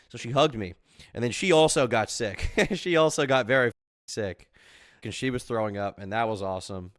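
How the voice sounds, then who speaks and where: A man's voice: mid-range voice, normal speed, a bit bright, dry recording, clean studio sound. A man in his twenties chatting casually with his live stream chat from home, joking, rambling and crude.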